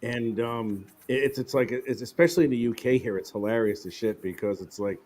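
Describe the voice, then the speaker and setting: A man's voice: medium pitch, brisk, a little hiss or hum. A man from New York City with a New York accent, hosting a casual stream chat, swearing freely and laughing often. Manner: profane, animated, laughs often. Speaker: stream host.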